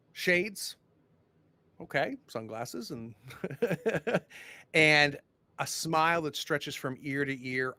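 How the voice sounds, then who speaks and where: A man's voice: medium pitch, pushed and bright. A man acting as game master, narrating a tabletop game descriptively, with hesitations and repeated words.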